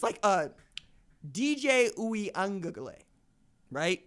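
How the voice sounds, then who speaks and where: A man hosting a casual sports podcast, telling animated stories and acting out quoted voices. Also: high-pitched, fairly quick. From Tulsa, Oklahoma. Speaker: podcast host.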